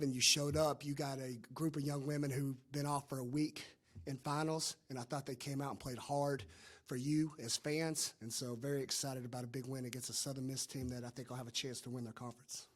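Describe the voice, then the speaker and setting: A man with a voice gone hoarse fields questions after a game. He sits at a mid pitch and pushes through with energy, doubling back on words for emphasis. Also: a little fast. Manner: energetic, repeats himself when emphasizing. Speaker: head coach. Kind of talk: postgame press conference.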